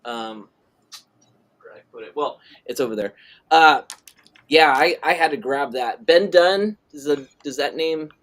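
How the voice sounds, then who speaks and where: A middle-aged man hosts a live drawing stream, rambling casually and reading viewer messages aloud while he draws. His voice is fairly high-pitched and fairly bright, with a measured pace.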